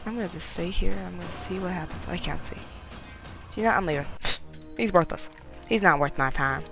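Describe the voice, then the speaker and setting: Over music, a brisk, medium-pitched voice with vocal fry delivers casual let's-play commentary. The player is chatty and giggly, mocks themself, and turns nervous when danger gets close. The recording is rough.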